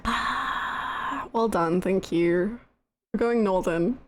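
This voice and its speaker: A woman's voice: mid-range voice, drawn-out words. A woman streaming a video game live, chatting to viewers in a giggly, self-mocking way. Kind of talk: live gameplay commentary.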